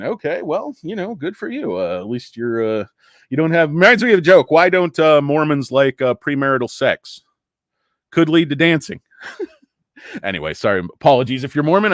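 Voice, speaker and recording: Ranting, animated middle-aged stock host. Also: male voice, mid-range voice, dry recording, studio quality. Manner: rambling, jokey, profane ranting with tangents. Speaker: stock market show host. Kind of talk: ranting livestream commentary.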